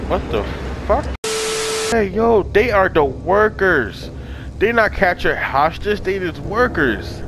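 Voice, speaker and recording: A man's voice: sits high, sing-song, takes it slowly, background noise. A young man giving casual let's-play commentary, chatting to the game characters in slang and swearing often. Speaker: gaming channel host.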